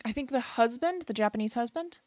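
A woman's voice: on the high side, expressive, brisk, darkish tone, no echo, clean studio sound. A young woman co-hosting a podcast, chatting casually about a movie with lots of fillers and swearing. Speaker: podcast co-host.

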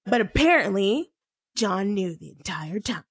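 A woman co-hosting a casual movie recap chat, animated and laughing often, swearing freely. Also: medium pitch, measured pace, breathy edge. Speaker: podcast co-host.

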